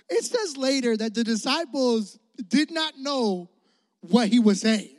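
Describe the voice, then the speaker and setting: Lively preacher in a reverberant hall. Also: medium pitch, a little slow. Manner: casual, joking, talks straight to the crowd; calls for responses and laughs often. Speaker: youth pastor. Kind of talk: energetic sermon.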